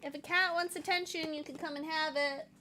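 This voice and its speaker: A woman's voice: high-pitched, a little fast, background noise. A woman streaming her coding work, chatting casually, reading chat aloud and talking to her cats. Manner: animated, bursts of excitement.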